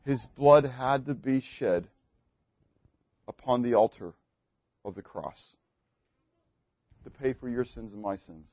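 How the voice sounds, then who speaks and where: A man preaching a sermon, swinging between loud emphasis and hushed asides and putting questions to the congregation. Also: medium pitch, slow, pauses often, dry recording, lo-fi sound. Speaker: pastor.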